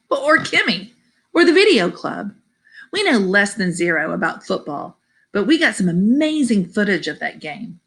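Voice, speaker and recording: A woman's voice: medium pitch, a bit bright. A woman reading a middle-grade novel aloud, adding chatty asides that explain phrases to her listeners. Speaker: audiobook reader.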